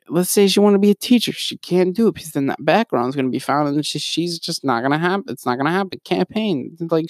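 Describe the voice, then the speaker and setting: A man's voice: fairly high pitch, darkish tone, no echo, clean studio sound. A young man co-hosting a podcast, ranting in a rambling way and often restarting his sentences. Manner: rambling, frequently restarts and sidetracks. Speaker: podcast co-host. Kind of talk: casual ranting commentary.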